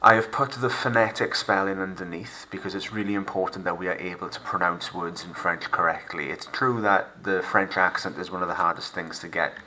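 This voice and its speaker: Male teacher, deep bright voice, narrating a recorded French lesson with careful, slow pronunciation. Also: steady tone, slight background noise. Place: home recording for lockdown learning.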